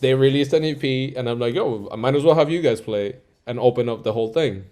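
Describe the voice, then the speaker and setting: A male music producer telling stories in a casual interview, animated, acting out quoted dialogue and peppering his talk with "like" and "yo". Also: medium pitch, fast talker. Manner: frequent fillers like "like" and "yo".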